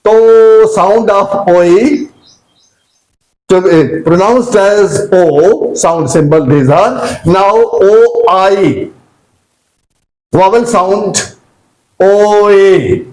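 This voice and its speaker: A man teaching English pronunciation, repeating sounds slowly and giving Hindi meanings. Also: high voice, a little mellow, rough recording. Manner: slow, repetitive drilling of sounds, mixing Hindi glosses. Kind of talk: pronunciation lesson.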